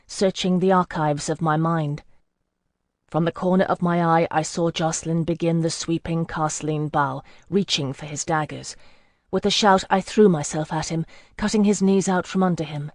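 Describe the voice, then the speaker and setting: Fantasy audiobook reader, measured first-person storytelling, mid-pitched, dead-dry booth sound. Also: no echo. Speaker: audiobook narrator.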